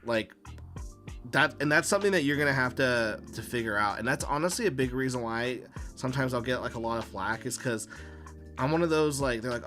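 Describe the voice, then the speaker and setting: A man's voice: medium pitch, brisk, soft background music. Rambling, profane male live streamer. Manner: rambling and profane, with many fillers; animated storytelling, acting out his own quotes. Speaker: live-stream host and comic artist. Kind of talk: casual live-stream chat while drawing.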